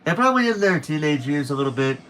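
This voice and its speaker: A man's voice: fairly high pitch, big pitch swings, fast, fairly bright tone. A young man chatting casually to viewers on a late-night stream, rambling and correcting himself as he goes.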